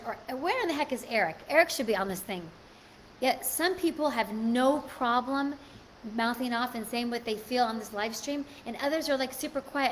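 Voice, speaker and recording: A woman's voice: on the high side, a little hiss or hum. Chatty woman hosting a live stream. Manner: chatty, reads and answers viewer comments. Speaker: livestream host. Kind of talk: casual live-stream chat with viewers.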